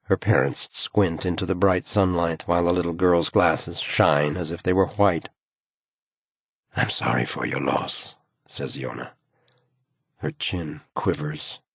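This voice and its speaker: A man narrating a thriller audiobook in a slow, measured reading. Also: deep voice, steady tone, breathy edge, no echo. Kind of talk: scripted narration.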